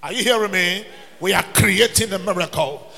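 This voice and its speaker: A man preaching a sermon as pastor, building into shouts and sung phrases. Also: high-pitched, normal speed, gravelly. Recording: long reverb with faint music.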